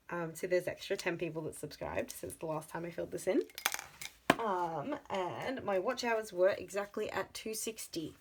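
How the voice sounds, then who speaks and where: A woman, chatting excitedly in a casual budgeting vlog, full of gasps and exclamations. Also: mid-range voice, a little hiss or hum, rough recording. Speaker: budgeting vlogger.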